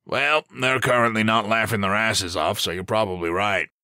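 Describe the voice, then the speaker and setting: A gruff, sardonic older SWAT veteran in a gritty audiobook, barking wry commands in a deep voice as a male narrator plays him. The read is close and dry. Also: measured pace, sharp tone, no echo, exaggerated voice.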